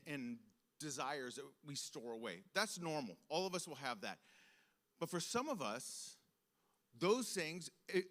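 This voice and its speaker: A man's voice: on the high side, bright, forceful tone. A young man telling a story from his childhood to a room of students, acting out the voices in it. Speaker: speaker to students. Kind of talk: storytelling talk. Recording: long hall reverb.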